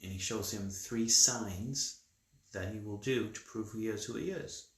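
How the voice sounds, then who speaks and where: A man telling a Bible story to children in a lively, conversational way. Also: on the low side, measured pace. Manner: lively, conversational, with acted voices. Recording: echoey room.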